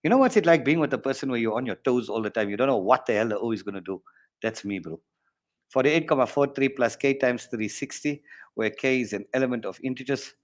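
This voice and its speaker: A man from South Africa with a South African English accent, teaching an online maths workshop, joking and rambling in excitable asides. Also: mid-range voice, quick pace.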